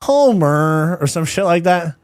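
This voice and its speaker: A man's voice: medium pitch, moderate pace, no echo, studio quality. A man hosting a live fight watch party, chatting casually, reading chat aloud, swearing often and laughing easily.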